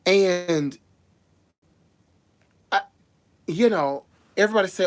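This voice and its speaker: A woman's voice: lowish voice, measured pace, gravelly, long pauses. A woman ranting on a casual livestream, heated and emotional, repeating and restarting her words as she speaks straight to her viewers. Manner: heated, emotional and repetitive, stumbling over words; addresses viewers directly. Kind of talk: casual live-stream rant.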